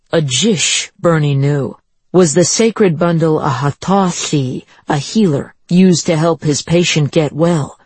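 An audiobook narrator reading a police story in an even, steady manner. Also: mid-range voice, unhurried, slightly rough, no echo. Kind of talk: scripted narration.

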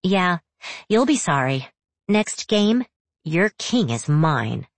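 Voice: mid-range voice, big pitch swings, slow, no room sound, voice pushed up. A narrator voicing a cocky young girl who boasts about chess, in a raised, brash tone. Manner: cheeky, boastful. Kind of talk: audiobook character voice.

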